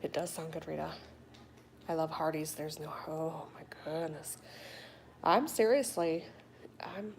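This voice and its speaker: A middle-aged woman chatting casually on a phone livestream, reading viewer comments aloud with animated talk and whispered asides. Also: sits low, measured pace, long pauses, a little hiss or hum. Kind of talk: casual live chat. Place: home in a warm state.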